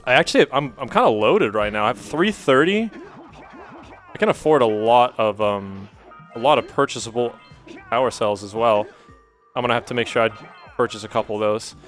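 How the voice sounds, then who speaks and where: A man's voice: medium pitch, fairly quick, pauses often, fairly bright tone, soft background music. A man speedrunning at a live marathon, chatting casually and laughing at himself while he plays. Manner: laughing, self-deprecating, chatty. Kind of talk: casual live gameplay commentary. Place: event venue.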